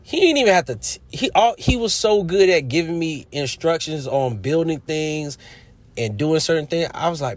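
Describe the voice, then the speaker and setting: Man, casual commentator, preachy and emphatic, loud bursts then quiet asides. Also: medium pitch, a little fast. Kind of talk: casual opinion monologue.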